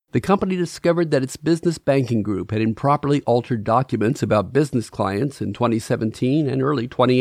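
A man's voice: mid-range voice, a little mellow, dry recording. A man narrating a podcast from a script, with dry, sardonic asides.

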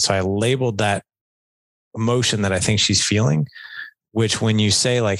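A man talking casually as a podcast guest, a coach who explains things in a relaxed conversational way and acts out little bits of dialogue. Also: on the low side, normal speed, dry recording. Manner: conversational, filler-heavy, acts out quoted dialogue.

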